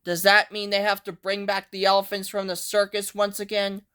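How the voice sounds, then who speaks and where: A woman's voice: medium pitch, flat delivery, moderate pace, fairly bright tone, clean tone, lightly acted. A woman voicing a young male baby elephant who talks earnestly in a rambling, sing-song way. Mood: lecturing. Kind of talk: amateur character voice play.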